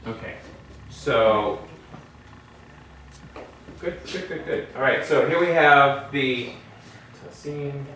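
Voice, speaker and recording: In a congregation building's classroom, a man teaches Hebrew, patiently explaining letters and vowels and quizzing his students. His medium-pitched voice is bright and forceful, unhurried with long pauses, and the recording is very echoey with a distant mic and slight hiss or hum.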